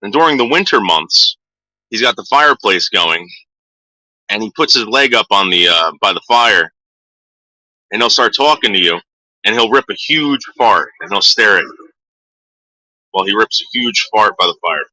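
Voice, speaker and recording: New guy rambling thru family stories, low voice, really bright and dry, no room at all. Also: animated, normal speed, pauses often, dry recording, low-quality recording. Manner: rambling, repeats words, quotes people in put-on voices. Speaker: streamer telling stories about his father. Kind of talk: casual storytelling to a live chat.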